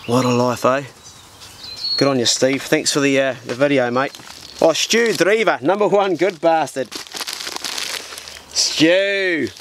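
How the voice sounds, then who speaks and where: A New Zealand-accented man of medium pitch talks at a normal speed, background noise audible. He's vlogging from an old farmhouse, opening his mail and chatting in a relaxed, slangy, blokey way.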